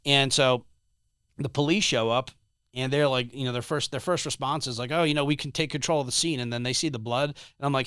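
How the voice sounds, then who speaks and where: A man who is a guest on a podcast, telling a story casually in a rambling, animated way with many restarts. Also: mid-range voice, quick pace, clear, resonant tone, dry recording, studio quality.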